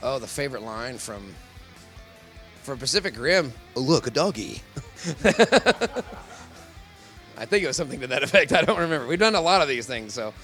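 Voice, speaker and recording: A man's voice: mid-range voice, sing-song, moderate pace, pauses often, music in the background. A man who works as a professional voice actor, talking in a casual convention interview, rambling and laughing often.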